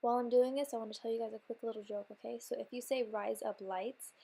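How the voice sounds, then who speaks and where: A woman's voice: on the high side, little pitch movement, rapid-fire, mellow, husky. A young woman talking through a makeup tutorial in a chatty, bubbly way, sounding slightly nasal from a cold. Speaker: beauty vlogger. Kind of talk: casual makeup tutorial voice-over.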